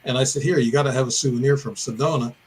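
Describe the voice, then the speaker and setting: This time the Illinois podcast guest races through his meandering encounter story, correcting himself as he piles on details. He's an older man with a mid-range voice and a steady tone. A faint hiss or hum runs under the low-quality recording.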